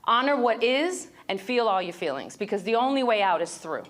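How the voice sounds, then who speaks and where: Woman motivational speaker, lively storyteller, handheld mic at a breakfast event. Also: on the high side, brisk. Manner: animated storyteller, acts out quoted voices. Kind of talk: motivational speech to students.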